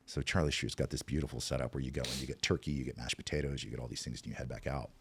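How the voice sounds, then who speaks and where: A man as a podcast guest, telling his recovery story in a candid, self-deprecating, animated way. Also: extremely low pitch, racing, gravelly, husky.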